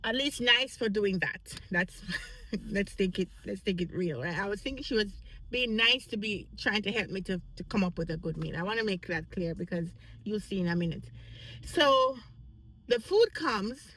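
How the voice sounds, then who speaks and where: A woman's voice: medium pitch, low-quality recording. A woman vlogger telling a casual work story, acting out the voices of the people in it. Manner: animated, acts out quoted voices.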